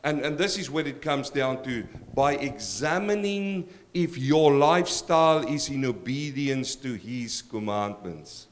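A man's voice: medium pitch, a little slow, hardly any pauses. A man preaching a verse-by-verse sermon as pastor, emphatic and direct, addressing his congregation.

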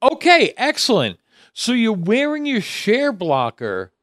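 A man co-hosting a comedy podcast, teasing his partner with deadpan jabs. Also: extremely high pitch, a little slow, no room sound, clean studio sound. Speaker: podcast co-host.

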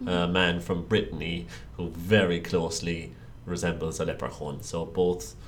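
A man co-hosting a casual chat, playful and joking, often halting with fillers. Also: deep voice, level tone, slight background noise.

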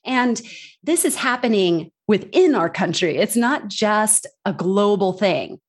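An American woman speaks as a guest in a podcast interview. Her delivery is animated and emphatic, and her voice sits at a middling pitch for a woman. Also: a little slow, breathy edge. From United States.

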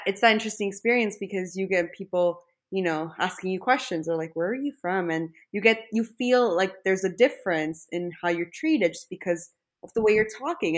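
Young woman from India, low-ish voice, conversational interviewer, relatable. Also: fairly bright tone. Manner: relatable, sharing own experience. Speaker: interviewer, student.

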